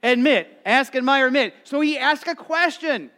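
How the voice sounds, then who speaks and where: A middle-aged male pastor preaching a sermon in a conversational, animated way, acting out quotes and calling on the congregation to answer. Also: very high voice, moderate pace. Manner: calls for congregation responses.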